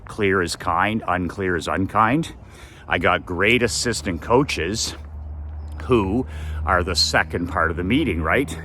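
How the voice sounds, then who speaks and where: A man's voice: low-pitched, slow pace, sharp tone, a little hiss or hum. A man giving a blunt, profane motivational talk as a business coach, repeating his key phrase for emphasis. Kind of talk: motivational monologue.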